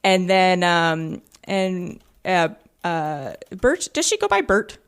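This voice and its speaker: Enthusiastic and acting out characters' quotes as she recounts scenes, a woman co-hosts a casual video game podcast. Her voice is fairly low, smooth, sing-song and slow.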